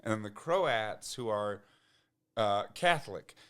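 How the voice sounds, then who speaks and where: A man's voice: fairly low pitch, slow pace, clean tone. Rambling man chatting casually. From United States. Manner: rambling, frequent restarts and fillers, laughs when excited. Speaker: podcast guest. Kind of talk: casual conversation.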